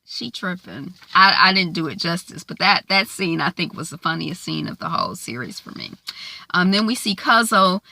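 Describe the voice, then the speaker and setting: Animated woman recapping a TV episode. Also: normal speed, creaky. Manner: animated, acts out characters' lines with big pitch jumps. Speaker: TV recap host.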